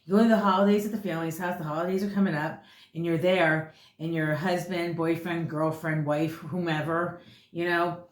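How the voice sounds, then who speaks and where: Lowish-voiced woman doing tarot, cussing and rambling, echoey room. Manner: blunt, profane, rambling. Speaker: tarot reader. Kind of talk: casual tarot reading vlog.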